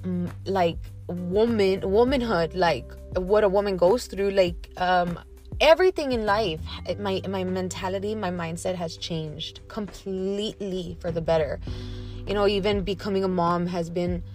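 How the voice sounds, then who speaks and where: Over soft background music, a woman from Texas speaks a little slowly in a low, slightly mellow voice on her solo podcast. She's candid, emotional and a bit shaky, full of casual fillers.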